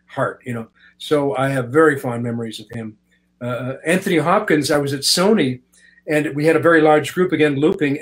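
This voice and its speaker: An older man from Canada, a voice actor telling stories in a relaxed interview and slipping into voices as he goes. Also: mid-range voice, rough recording. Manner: animated, slips into voices while telling stories. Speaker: guest voice actor. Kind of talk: casual interview storytelling.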